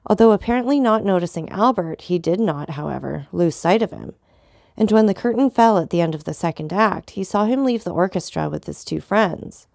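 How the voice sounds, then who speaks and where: Woman narrator for a classic novel, gravelly, dry close sound. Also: fairly low pitch, expressive, a little fast, a little mellow, dry recording. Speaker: audiobook narrator. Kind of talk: scripted narration.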